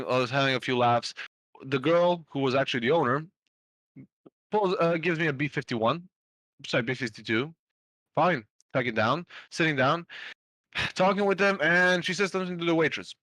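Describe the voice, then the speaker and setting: Speaking in a sharp, higher-pitched voice with no echo, this young man rambles through a lengthy story on a podcast, as in casual storytelling among friends. He uses many fillers and swears casually.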